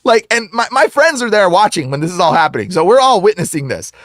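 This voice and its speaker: Excitable man with a high, lively voice. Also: fast, no room sound, clean studio sound. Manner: excitable, slangy, full of "like" and "bro". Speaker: exorcist guest. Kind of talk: casual storytelling.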